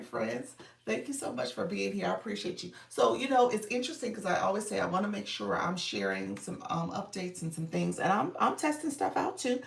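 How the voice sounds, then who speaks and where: Gravelly-voiced woman coaching on a livestream. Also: mid-range voice, recorded from a distance. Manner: chatty, warmly greets viewers by name, laughs often. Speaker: live streaming coach. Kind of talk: casual livestream chat with viewers. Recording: echoey room, voice a bit off mic.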